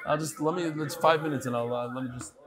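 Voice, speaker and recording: A man's voice: mid-range voice, steady tone, quick pace, crowd noise. A man hosting a casual live stream, greeting viewers by name and teasing them. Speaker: host of a live online talk.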